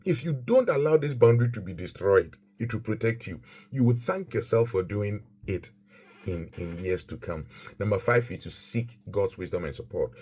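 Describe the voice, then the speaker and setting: Low raspy guy giving a bible lesson, keeps repeating himself for emphasis. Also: darkish tone. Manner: emphatic, repetitive, quotes scripture. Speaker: Christian marriage teacher. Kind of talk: preaching lesson.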